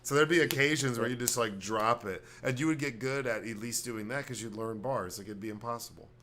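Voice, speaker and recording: Male podcast host, mid pitch, loose joking banter, faint background noise. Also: brisk, a bit bright. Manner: joking, riffing, puts on silly voices. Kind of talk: casual chat.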